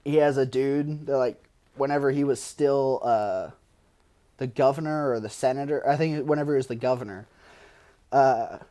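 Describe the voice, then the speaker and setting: A man guest-hosting a podcast in casual chat, excitable and laughing often, swearing and full of fillers. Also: mid-range voice. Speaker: podcast producer, guest host.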